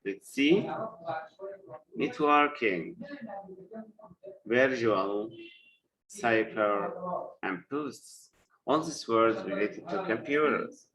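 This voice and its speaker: Slow, low-voiced male teacher. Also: a crowd in the background, low-quality recording. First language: Arabic. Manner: slow, deliberate, quizzes the class with repeated questions. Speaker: English teacher. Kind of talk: live-streamed classroom lesson.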